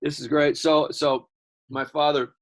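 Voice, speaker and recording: An older man from Houston, Texas, a guest musician telling a long story in an interview, rambling and animated with many restarts. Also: on the high side, a little slow.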